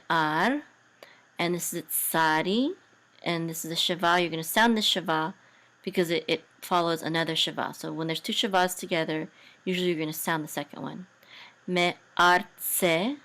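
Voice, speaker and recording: A woman's voice: lowish voice, fairly bright tone, poor audio. A woman teaching a language lesson, patiently sounding out words syllable by syllable, with hesitant fillers and restarts. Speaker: Hebrew and Torah cantillation teacher.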